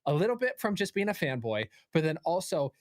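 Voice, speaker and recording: Male guest, slightly high voice, self-mocking casual storyteller, stalls with "uh" a lot. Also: big pitch swings, brisk. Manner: joking, hesitant, lots of uh fillers. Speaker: guest co-host. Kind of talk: casual livestream chat.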